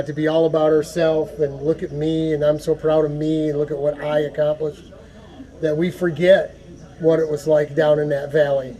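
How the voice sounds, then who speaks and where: A man giving an earnest, folksy prayer talk to camera, halting and repeating words as he goes. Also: fairly high pitch, warm tone. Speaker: go-kart hobby vlogger.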